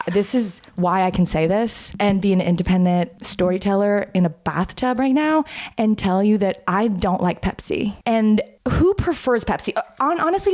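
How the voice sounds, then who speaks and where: A woman in her thirties hosting her own podcast, telling a story in an animated, chatty way and talking straight to her listeners, recorded at home in a bathtub. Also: mid-range voice. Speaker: podcast host. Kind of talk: casual solo storytelling.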